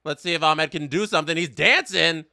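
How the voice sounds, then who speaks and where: With a fairly high, slightly fast voice touched by vocal fry, a young livestreamer calls a match live in a relaxed watch-along. He's chatty, reads viewer chat aloud and gets excited on big plays. The sound is clean studio audio with no room sound.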